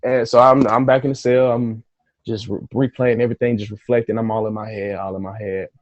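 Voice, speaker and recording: A man guest on a podcast, telling a story in a casual, animated way, swearing freely and acting out his own reactions. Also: fairly low pitch, fairly quick, no room sound, dull audio.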